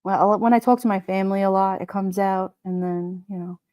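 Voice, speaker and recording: A middle-aged woman with a New York Italian accent hosts a relaxed livestream, greeting viewers by name and riffing on their comments. She talks in a mellow, warm tone, and her voice sits close and dry on the mic. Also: mid-range voice, brisk, no room sound. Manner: chatty, wisecracking, laughs often. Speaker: livestream host. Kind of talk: casual live chat reading comments.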